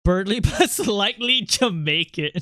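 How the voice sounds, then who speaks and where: Rambling streamer with a smooth voice. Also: medium pitch, unhurried, no echo, clean studio sound. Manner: rambling, excitable, jumping between topics. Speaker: livestreamer chatting with viewers. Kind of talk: casual stream chatter.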